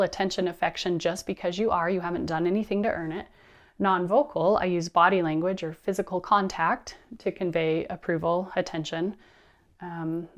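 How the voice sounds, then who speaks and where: A woman in her thirties giving an animated lecture to teachers, telling a personal story with expressive delivery. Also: lowish voice. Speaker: teacher trainer.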